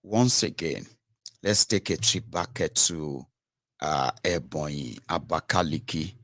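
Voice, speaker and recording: A man's voice: a bass voice, a little slow, fairly bright tone, dry recording, clean studio sound. A man hosting his own political commentary, scolding and lecturing his listeners in an opinionated monologue. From Nigeria.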